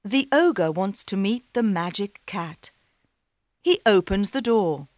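A woman reading a children's story aloud, slow, clear and expressive. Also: medium pitch, no room sound.

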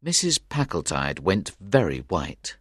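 A man narrating a simplified story in a measured, expressive way. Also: low voice, no echo, studio quality.

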